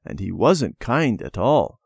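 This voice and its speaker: A man's voice: big pitch swings, slow, vocal fry, a little mellow, breathy edge, no room sound, heavily acted. A man doing a pleading little girl. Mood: eager. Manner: pleading, high childlike pitch. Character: little girl, eager and tearful. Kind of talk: storybook character voice.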